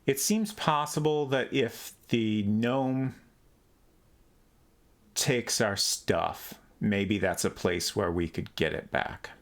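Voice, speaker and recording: A man's voice: lowish voice, animated, takes it slowly. A man streaming a retro computer game, thinking aloud in a hesitant, musing way as he plays. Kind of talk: casual let's-play commentary.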